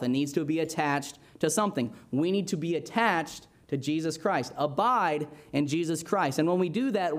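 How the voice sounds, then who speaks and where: A young man preaching a casual, conversational sermon, often checking in with the listeners with "amen?" and "right?". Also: a little high. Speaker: Sunday school teacher preaching.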